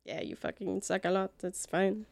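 A woman's voice: medium pitch, steady tone, moderate pace, gravelly, a little mellow, natural voice. A woman voicing a bitter ex-wife turned swaggering rogue who curses and mocks. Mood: mocking. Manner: brash, cursing, mocking.

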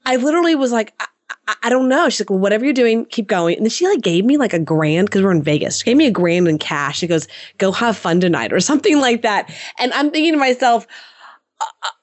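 A woman's voice: mid-range voice, quick pace, no room sound. Woman entrepreneur guest, chatty storyteller, dry close recording. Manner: animated, chatty, many restarts and "you know". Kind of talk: casual storytelling interview.

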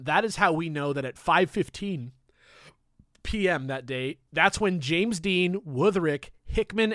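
A young man hosting a podcast, telling a story in a casual, animated way with jokey asides and swearing. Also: on the high side, no room sound, studio quality. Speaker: podcast host.

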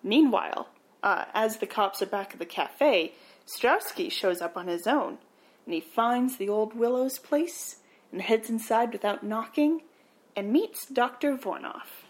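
A woman podcast co-host retelling a film plot in a casual, animated way, with wry asides. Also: a little high, measured pace. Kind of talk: casual movie recap.

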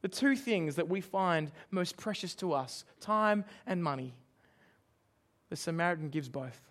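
A man's voice: a little high, animated, measured pace, fairly bright tone. A man preaching a sermon, emphatic and asking his listeners questions. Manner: emphatic, asks the congregation questions.

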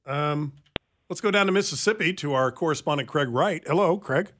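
Man, Midwestern accent, radio host, animated, bright tone, fairly high voice. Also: slight background noise. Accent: Midwestern American. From American Midwest. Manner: animated, joking, quick to laugh. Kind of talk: radio talk show chat.

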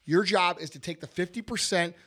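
High-voiced blunt swearing man. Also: brisk, sharp tone. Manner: blunt, swears a lot, emphatic. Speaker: podcast host, business owner. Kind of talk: casual podcast chat.

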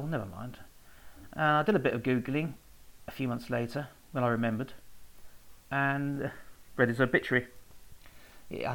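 Rambling man with a gravelly voice. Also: mid-range voice, a bit bright, low-quality recording. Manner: rambling and anecdotal, with fillers and self-corrections. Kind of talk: casual spoken talk about research.

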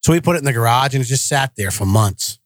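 A man's voice: mid-range voice, expressive, fast talker, no echo. Blunt, direct man telling stories. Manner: blunt, direct storytelling, acts out quoted dialogue. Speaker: podcast co-host. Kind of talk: casual podcast chat.

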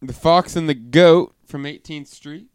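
A man's voice: fairly high pitch, fairly even intonation, measured pace, smooth. A man co-hosting a casual beer-tasting podcast, joking and laughing often while reading beer labels aloud. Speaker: podcast co-host.

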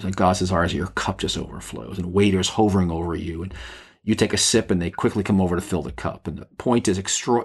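A man giving an earnest podcast devotional as a pastor, halting and restarting his phrases often. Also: deep voice, slightly rough.

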